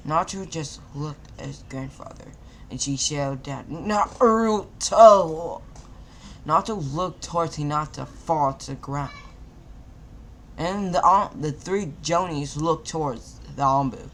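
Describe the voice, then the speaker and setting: A man's voice: fairly high pitch, a little slow, pushed and bright. A man casually narrating a fan-made anime story, stumbling and repeating words as he goes.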